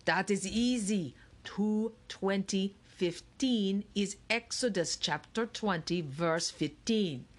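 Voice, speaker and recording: A woman voicing a jovial, ghostly old German printer with a thick German accent in an audiobook. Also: medium pitch. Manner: slow, hearty, proud. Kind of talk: audiobook narration.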